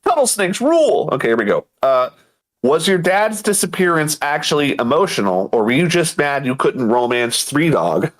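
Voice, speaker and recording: A man's voice: medium pitch, expressive, normal speed, fairly bright tone. A young man co-hosting a podcast in crude, joking casual chat. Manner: crude, joking, goes into impressions. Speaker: podcast co-host.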